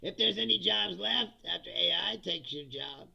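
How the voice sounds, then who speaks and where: A man's voice: high voice, expressive, normal speed, vocal fry, pushed and bright, dull audio. A middle-aged man hosting a casual comedy livestream, laughing often, swearing freely and answering chat comments aloud. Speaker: livestream host reading chat. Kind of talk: casual ranting political comedy stream.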